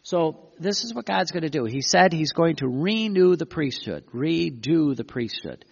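A man preaching a sermon, reading passages aloud and commenting on them with emphatic phrasing and frequent pauses. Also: fairly high pitch, animated, gravelly, a little mellow, slightly rough. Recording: dull lo-fi recording with long hall reverb.

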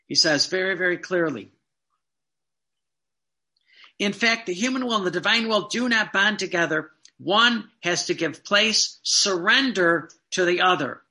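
A man preaching a fervent sermon, with emphatic repetition and slow, stressed phrases. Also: high-pitched, bright, forceful tone.

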